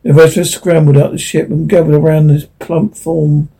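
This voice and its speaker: A man's voice: on the high side, flat delivery, moderate pace, gravelly, dark tone, slightly rough, rough recording. A man reading a science fiction story aloud, stumbling and correcting himself as he goes. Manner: unpolished reading with frequent stumbles and self-corrections. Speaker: narrator. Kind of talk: audiobook reading.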